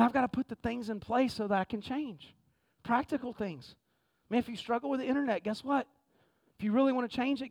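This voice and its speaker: A man preaching a sermon to his congregation, moving from hushed pleading to fervent exhortation. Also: very high-pitched, dry recording. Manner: repetitive preacher cadence, addresses the congregation directly. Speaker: pastor. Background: music.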